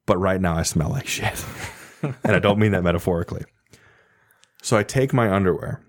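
Man, low voice, animated raconteur, swears freely, laughs mid-story, dry room. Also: a little fast, no echo. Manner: animated, laughing often, profane. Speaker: storyteller guest. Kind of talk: casual storytelling chat.

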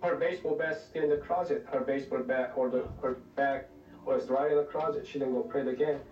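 A man answering police questions in a recorded interview, halting and restarting his words. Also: medium pitch, steady tone, a little mellow, muffled recording. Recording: echoey room, distant mic, music underneath.

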